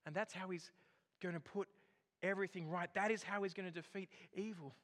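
A man's voice: high voice, steady tone, a little fast, fairly bright tone, big-room sound. A man preaching a sermon as pastor, earnest and emphatic, often repeating a word as he builds a point.

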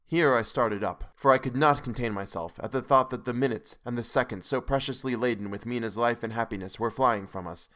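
A man narrating a classic novel as an audiobook reader, in a steady, even reading manner. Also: mid-range voice, brisk, hardly any pauses. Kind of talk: scripted narration.

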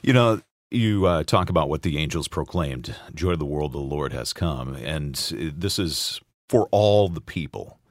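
A man's voice: very deep voice, expressive, unhurried, hardly any pauses, no echo, clean studio sound. A man hosting a Christian radio show, friendly and affirming, introducing the pastor and the message. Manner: friendly, affirming with short replies.

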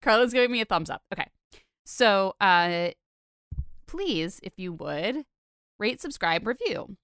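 A woman's voice: medium pitch, lively intonation, a little slow, a bit bright, clear, resonant tone, dry recording, studio quality. Chatty young woman hosting a podcast. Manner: chatty, rambling, many fillers and laughs. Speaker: podcast host. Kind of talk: casual podcast chat.

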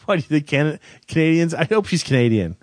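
Male podcast host, dry teasing humor, slightly high voice, dry close sound. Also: sing-song, quick pace, dry recording. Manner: dry, teasing, wraps up the show. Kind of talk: casual podcast banter.

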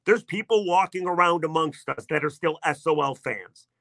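A man's voice: a little high, normal speed, vocal fry, sharp tone, dry recording. A man hosting a sports talk radio show, telling a story in a chatty, sarcastic way.

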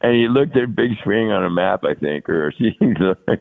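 Deep-voiced man in his sixties, phone-like sound. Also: animated, normal speed, gravelly. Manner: rambling, with many restarts and chuckles. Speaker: guest actor. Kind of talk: casual storytelling.

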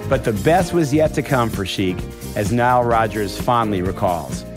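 Lively-voiced male documentary narrator. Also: medium pitch, over music. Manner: measured, explanatory.

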